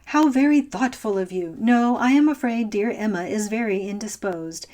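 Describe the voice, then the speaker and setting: A woman voicing a fussy, anxious elderly gentleman who talks in a prim, fretful, genteel way. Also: a little high, moderate pace, close to an everyday voice.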